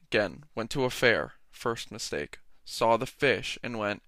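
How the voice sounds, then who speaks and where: A man's voice: fairly low pitch, expressive, unhurried, a bit bright, dry recording. A young man hosting a solo podcast, talking in a rambling, jokey, ranting way into a close mic. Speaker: podcast host. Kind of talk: casual solo podcast monologue.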